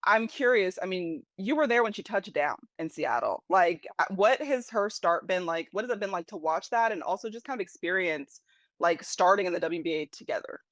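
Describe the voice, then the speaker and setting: A woman's voice: fairly low pitch, expressive, a little fast, dry recording, clean studio sound. A woman interviewing a basketball player, asking long, chatty questions and cheering her on. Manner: warm-up phrasing, encouraging, many "like" fillers. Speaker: interviewer, podcast co-host.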